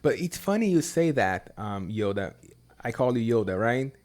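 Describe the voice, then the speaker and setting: A man's voice: medium pitch, sing-song, moderate pace, darkish tone. A man from Brazil, a guest on a podcast, speaking thoughtfully and hesitantly with many ums. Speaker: podcast guest, English teacher. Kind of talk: casual interview chat.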